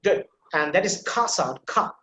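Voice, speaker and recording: A man's voice: high voice, animated, a little slow, sharp tone. A male pronunciation teacher takes a class through words one syllable at a time. He repeats each word over and over for the learners to echo back. His voice rings in a roomy space. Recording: echoey room.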